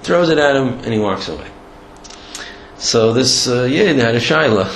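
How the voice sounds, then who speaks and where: A man giving a storytelling Torah lecture in a halting way, with many restarts and Hebrew and Yiddish terms. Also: mid-range voice, expressive, vocal fry. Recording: echoey room, faint background noise.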